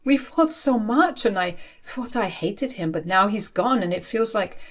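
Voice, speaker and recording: A man's voice: high-pitched, animated, a little slow. A woman voicing a grieving young man who is angry at his late father and confides in a broken, pained way. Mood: distraught.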